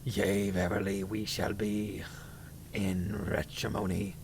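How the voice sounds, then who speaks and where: A man voicing a brooding male demon who slowly speaks theatrical, doom-laden proclamations in a low, whispery rasp during a livestream. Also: little pitch movement, a little mellow, slight background noise. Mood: ominous. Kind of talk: livestream character voice.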